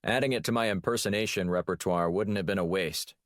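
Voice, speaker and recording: A man's voice: low-pitched, a little fast, no room sound, studio quality, close to an everyday voice. A man voicing a wry male field agent.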